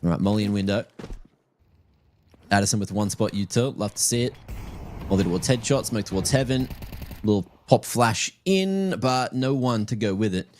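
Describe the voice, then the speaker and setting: Lower-voiced playful esports caster. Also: male voice, animated, moderate pace, pauses often, a little mellow, slight background noise. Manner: playful, teasing asides. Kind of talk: live esports play-by-play commentary.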